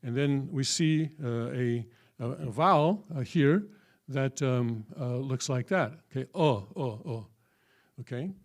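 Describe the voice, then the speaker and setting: A church teacher lectures a class in a church hall, moving patiently step by step while using many fillers and often checking in with listeners. He talks a little slowly in a mid-range voice.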